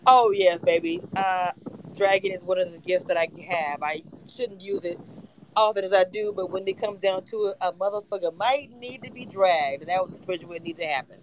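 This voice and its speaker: A man's voice: high-pitched, brisk, highs cut off, a little hiss or hum. A man hosting a live audio chat room, ranting in a profane, fired-up casual way. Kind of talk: heated casual fan talk.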